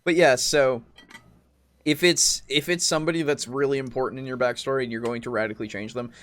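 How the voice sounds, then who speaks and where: A young man co-hosting a podcast, talking in a mid-range voice. He chats casually and laughs often. When he acts out a scene, he breaks into sudden high, loud outbursts. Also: steady tone, brisk. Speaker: podcast co-host. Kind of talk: casual chat.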